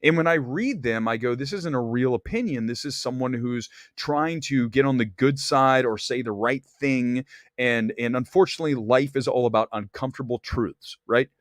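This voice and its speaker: A man hosting a movie talk show, delivering blunt, opinionated box office commentary and climbing high in pitch when he gets worked up. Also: normal speed, no echo, studio quality. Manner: blunt, opinionated, straight-talking. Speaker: host.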